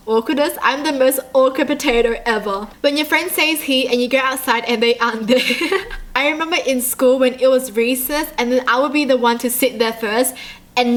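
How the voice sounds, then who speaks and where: A bubbly young woman from Australia with a high, bright voice, chatting in a casual vlog. She giggles often and talks in a chatty, playful way. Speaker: YouTube reaction host.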